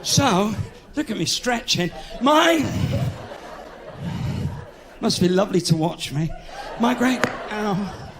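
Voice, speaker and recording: A man's voice: sits high, unhurried, few pauses. A man with a West Country English accent doing live stand-up comedy in a large theatre, chatty and self-mocking as he banters with the crowd. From England.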